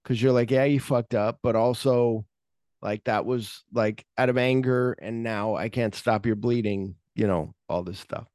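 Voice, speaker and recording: A man's voice: lowish voice, steady tone, unhurried, darkish tone, dry recording, clean studio sound. A man hosting a podcast, casually retelling film scenes in a rambling way, full of "like". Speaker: podcast host.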